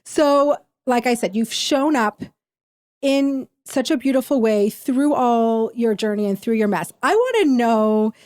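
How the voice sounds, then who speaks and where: A woman hosting a podcast, chatting warmly and affirming her guest. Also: on the high side, animated, measured pace. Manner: warm, affirming listener. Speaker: podcast host. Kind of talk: casual interview chat.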